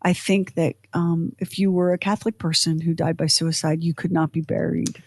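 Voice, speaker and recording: A woman co-hosting a podcast, in chatty, animated casual talk full of fillers and asides. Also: on the low side, normal speed, no echo. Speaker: podcast co-host. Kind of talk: casual chat.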